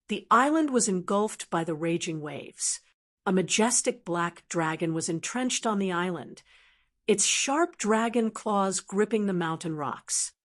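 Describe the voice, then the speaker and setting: Woman reading an audiobook, steady even narration, medium voice. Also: medium pitch. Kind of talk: scripted narration.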